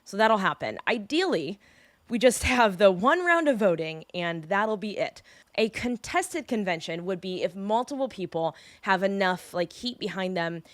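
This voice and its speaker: Lively, chatty woman podcast host. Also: mid-range voice, normal speed, no room sound. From California. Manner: chatty and joking, lively asides. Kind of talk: casual news explainer.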